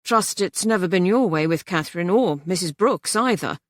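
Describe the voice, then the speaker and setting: A woman voicing an honorable young army captain who speaks firmly and quietly. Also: lowish voice, animated, moderate pace, no echo, clean studio sound, natural voice. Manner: firm, quietly hardening.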